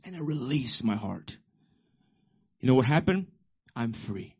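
A pastor in his forties preaching a sermon with emphasis, rising to loud peaks and dropping to quiet asides. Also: mid-range voice, sing-song, a little slow, pauses often, husky, dull audio.

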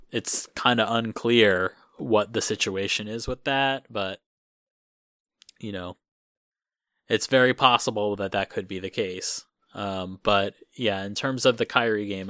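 A man's voice: fairly low pitch, a bit bright, no room sound, clean studio sound. A man hosting a casual podcast chat, rambling with lots of fillers and restarts. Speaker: host.

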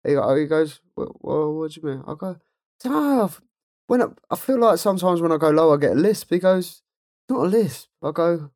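A man's voice: fairly high pitch, expressive, fairly quick, a little mellow, no room sound. A man is co-hosting a laid-back podcast and chatting with a friend. His voice rises and falls a lot as he tells stories, and he laughs often. The recording is dry and close. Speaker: podcast co-host. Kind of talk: casual chat.

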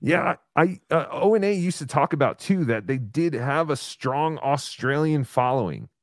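A man's voice: a little high, expressive, no room sound. Man, podcast host, casual and self-deprecating, hesitant, dry close sound. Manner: halting, lots of fillers, self-deprecating. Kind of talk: casual chat.

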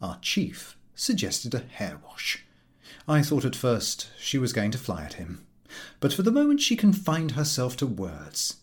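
A man reading a humorous novel aloud as an audiobook, with a wry and expressive delivery. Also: medium pitch, measured pace. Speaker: audiobook reader.

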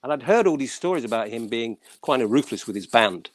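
A man, a session musician guest, telling animated stories with many stammered restarts. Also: mid-range voice, fairly quick. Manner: animated storyteller, acts out quoted voices. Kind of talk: casual anecdote telling.

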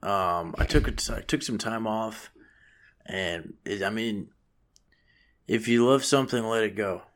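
A man co-hosting a casual comedy podcast, cracking dry deadpan jokes. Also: fairly low pitch, unhurried. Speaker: podcast co-host.

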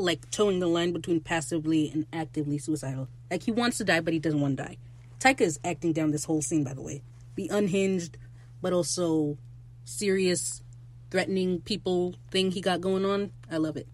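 Woman podcast host, casual recap chat, lowish voice, animated and loud in bursts. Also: fairly quick. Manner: animated, swearing, bursts of laughter and shouts.

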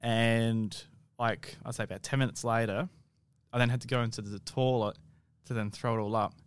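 A man's voice: medium pitch, fairly even intonation, moderate pace, slight background noise. A man with an Australian accent chatting casually as a podcast co-host, laid-back and swearing freely. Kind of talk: casual chat.

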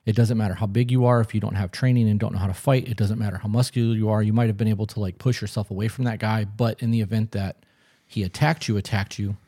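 A man's voice: fairly low pitch, steady tone, quick pace, dark tone. A man co-hosting a casual podcast conversation, talking in a blunt, emphatic way with frequent swearing. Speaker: podcast co-host.

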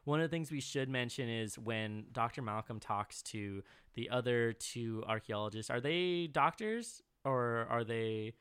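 Guy co-hosting a podcast, bright clear voice, animated and swears a lot. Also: mid-range voice, measured pace, few pauses. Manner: swears casually, animated retelling. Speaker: podcast co-host. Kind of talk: casual chat.

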